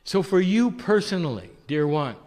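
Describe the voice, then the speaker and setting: A man giving a channeled spiritual talk, posing gentle rhetorical questions and calling the listener "dear one". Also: high-pitched, sing-song, moderate pace, long reverb tail.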